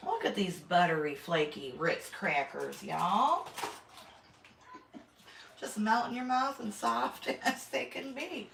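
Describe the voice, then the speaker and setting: A woman's voice: mid-range voice, slow pace, vocal fry. Middle-aged woman, blunt and chatty livestream host; echoey room, distant mic, faint hiss. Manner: chatty and blunt, swears, greets viewers by name. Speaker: homestead channel host. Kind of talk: casual livestream chat.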